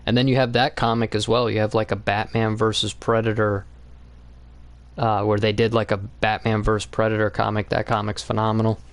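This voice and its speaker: A man's voice: fairly low pitch, flat delivery, brisk, clear, resonant tone. A young man hosting a comics channel, talking in a blunt, rambling, profane way about what he likes and hates. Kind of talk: casual opinionated monologue.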